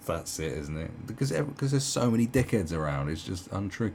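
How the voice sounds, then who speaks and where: A man's voice: low-pitched, big pitch swings, a little fast, gravelly, darkish tone, slight background noise. A man delivering a heated, profane commentary rant, full of stumbles and restarts. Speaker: commentary vlogger. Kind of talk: ranting commentary.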